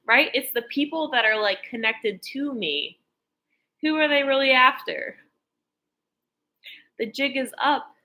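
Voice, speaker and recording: A woman's voice: high-pitched, bright, forceful tone. A woman vlogger talking in an intense, rambling, profane monologue full of fervent religious talk. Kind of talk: emotional spiritual monologue.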